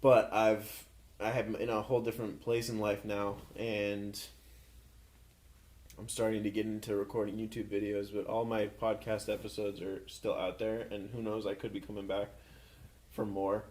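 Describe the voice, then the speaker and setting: A young man guesting on a casual podcast, speaking in a steady, even tone with dry humor into a handheld mic. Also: on the low side, moderate pace. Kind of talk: casual chat.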